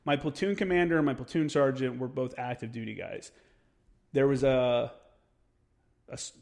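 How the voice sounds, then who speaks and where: A man in his thirties, a military veteran, telling a war story in casual podcast chat, swearing freely and acting out the quotes. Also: mid-range voice. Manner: profane, animated storyteller who acts out quotes.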